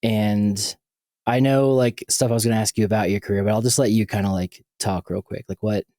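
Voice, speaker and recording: A man's voice: on the low side, steady tone, a little fast, mellow, no room sound, studio quality. A man hosting a podcast, chatting casually and rambling with lots of fillers and restarts. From United States. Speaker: podcast host. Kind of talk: casual chat.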